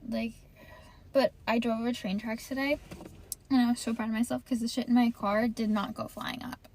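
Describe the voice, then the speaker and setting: A woman's voice: fairly high pitch, flat delivery, moderate pace, a little mellow, slight background noise. A young woman hosting her podcast from her parked car, talking in a rambling, easily distracted way and swearing freely. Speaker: podcast host. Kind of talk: casual rambling chat.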